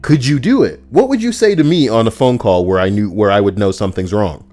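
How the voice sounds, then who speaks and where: A man's voice: on the low side, expressive, a little fast, mellow, faint music behind. A young man hosting a casual commentary video, rambling, cursing and joking, and sometimes arguing with himself. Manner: rambling, profane, jokey, talks to himself. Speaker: channel host.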